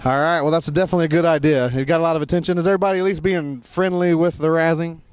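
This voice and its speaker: A man's voice: on the high side, fairly even intonation, rapid-fire, smooth, no room sound. A man reporting from an outdoor football training camp, chatting and joking with fans in a teasing, playful way. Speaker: sideline reporter. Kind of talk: casual field interview.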